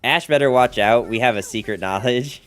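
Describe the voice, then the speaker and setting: A man's voice: mid-range voice, brisk, a bit bright. An American man casually commentating his gameplay on stream, chatty and playful, joking with his chat.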